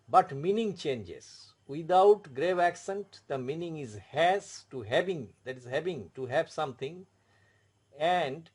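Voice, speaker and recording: A man gives a language lesson in a fairly high voice. He talks very slowly and patiently, and he keeps repeating the key point so that it sinks in. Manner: slow, repetitive explaining, stressing each point. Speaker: French tutor.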